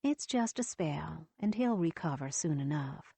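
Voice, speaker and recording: A woman's voice: sits low, animated, vocal fry, slightly rough, no echo, full character voice. Woman reading a kind, reassuring nurse. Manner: gentle, reassuring, measured. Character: kind, steady female home nurse.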